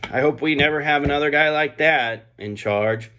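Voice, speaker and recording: A man's voice: on the high side, moderate pace, sharp tone. A man voicing a scheming male Roman orator who sways a crowd with mock-innocent persuasion. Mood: sly persuasive.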